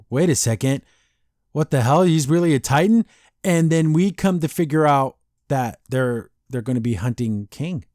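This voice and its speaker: A man's voice: a little high, darkish tone, no echo, studio quality. A man hosting a podcast, recapping a cartoon episode in a rambling, casual way with many fillers and restarts. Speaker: podcast host.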